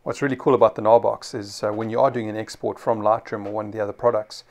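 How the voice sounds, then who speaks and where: A man's voice: on the low side, little pitch movement, quick pace, a little mellow. A man from South Africa, a photographer, talking through a product review in a casual way with frequent ums and restarts.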